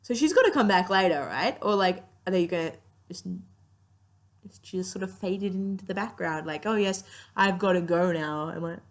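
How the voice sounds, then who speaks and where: A woman's voice: lowish voice, moderate pace. A young woman giving a casual, rambling TV review, chatty and gushing with lots of fillers, tired and yawning. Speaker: TV series reviewer.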